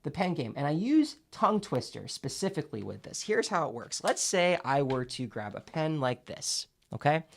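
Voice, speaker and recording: A slightly high-voiced man with big pitch swings teaches public speaking on video, speaking at a moderate pace with hardly any pauses. He enunciates clearly and emphatically, demonstrating exercises as he explains.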